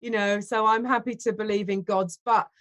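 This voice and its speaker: A woman co-hosting a casual TV review chat, thinking aloud with pauses and self-corrections. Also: medium pitch, fairly even intonation, fairly bright tone. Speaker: film and TV critic co-host.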